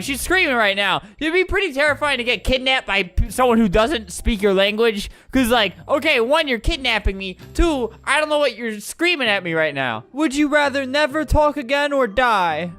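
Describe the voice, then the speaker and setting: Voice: mid-range voice, fairly bright tone. A video creator giving casual, sarcastic commentary over gameplay. They sound exasperated and laugh often.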